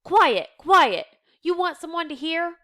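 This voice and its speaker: A woman reading a play aloud, voicing an irritable, exasperated middle-aged man in a sharp, scolding way. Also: sits high, sing-song, moderate pace, pitched above the performer's own voice, exaggerated voice. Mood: furious.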